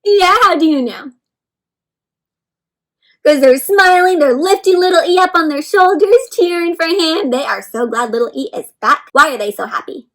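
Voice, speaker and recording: A woman reading a picture book aloud to children, animated and teacherly, gasping often and sounding out words. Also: very high-pitched, normal speed. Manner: animated, with frequent gasps. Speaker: children's storyteller. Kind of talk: interactive read-aloud for kids.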